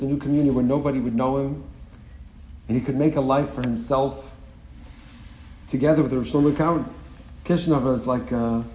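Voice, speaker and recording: A man telling a Hasidic story as a sermon, animated and swelling to emphatic bursts. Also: medium pitch. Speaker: religious storyteller. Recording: roomy with faint ambience.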